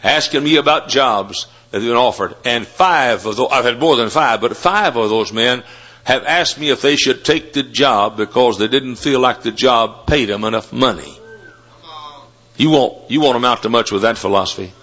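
Fiery preacher man, bright voice. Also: medium pitch, normal speed. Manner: rising to loud fervent shouts, storytelling. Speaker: Baptist preacher. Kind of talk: sermon. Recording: dull lo-fi sermon recording.

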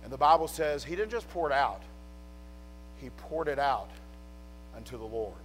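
A man preaching a chapel sermon, telling a Bible story with animated storytelling that swings from hushed to shouting. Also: mid-range voice, normal speed, soft background music. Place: college chapel.

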